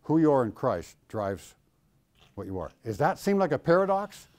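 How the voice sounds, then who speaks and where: A middle-aged male pastor teaching a class on Christian doctrine, animated and jokey, acting out the voices he quotes with big swings in pitch and loudness, speaking to students in a classroom. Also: moderate pace. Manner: jokey, self-mocking storyteller. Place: classroom or church hall with students.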